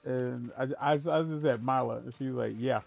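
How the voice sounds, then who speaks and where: A man's voice: mid-range voice, moderate pace, creaky. Rambling, laughing male streamer. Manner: rambling, animated, laughs at his own stories; restarts and stammers often. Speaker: gaming streamer. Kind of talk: casual live-stream chat and storytelling.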